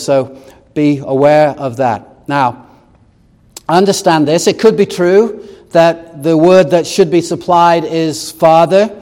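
A man's voice: on the high side, darkish tone, big-room sound. A man preaching a sermon, reading scripture aloud and explaining it verse by verse with touches of humor.

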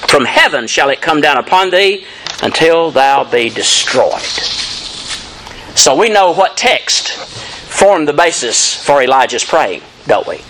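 A man's voice: fairly high pitch, sing-song, slow pace, fairly bright tone, a little hiss or hum, low-quality recording. A man preaching an expository sermon, reading scripture dramatically and addressing the congregation directly. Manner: emphatic rising lines, addresses congregation directly.

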